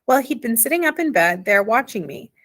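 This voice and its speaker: A woman reading the part of a small, homely father who explains things slowly in plain, ungrammatical speech. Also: on the high side, sing-song, fairly bright tone. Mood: explaining. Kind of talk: audiobook character reading.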